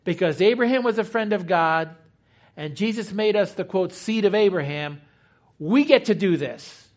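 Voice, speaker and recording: A man with a high voice preaches a teaching sermon, explaining things conversationally and asking his listeners questions along the way. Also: expressive, normal speed.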